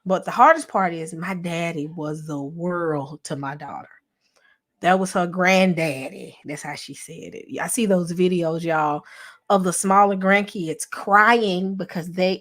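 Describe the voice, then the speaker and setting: A vlogger and channel host speaks softly in a lowish, slightly slow voice during a casual, heartfelt livestream. She addresses viewers directly, reading and answering chat comments, staying soft and reflective and sometimes dropping to a whisper.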